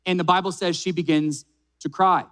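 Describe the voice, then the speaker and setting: High-voiced pastor preaching with emphasis. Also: male voice, fairly even intonation, a bit bright. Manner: emphatic, slows down and repeats key phrases. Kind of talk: sermon.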